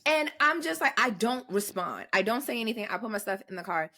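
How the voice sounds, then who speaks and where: A young woman co-hosting a podcast, telling a story in a casual, animated way with heavy swearing and acted-out quotes. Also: a little high, a little fast. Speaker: podcast co-host. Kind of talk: casual chat.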